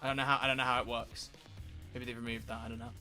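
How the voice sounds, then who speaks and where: A man giving live, excitable gameplay commentary as a streamer, swearing and bursting into shouts. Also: medium pitch, very fast, faint music behind. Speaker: game streamer.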